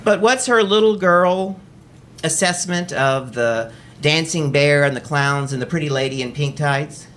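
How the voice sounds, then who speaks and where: A man from Texas hosting a live storytelling show in a cabaret, telling a personal story in a wry, animated way and often laughing as he goes. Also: fairly high pitch, measured pace, slight background noise. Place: cabaret stage before an audience.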